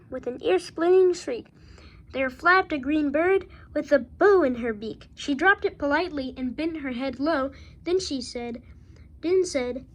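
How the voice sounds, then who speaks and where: Woman reading a rhyming picture book slowly. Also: sits high. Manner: rhythmic, rhyming delivery. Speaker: reader.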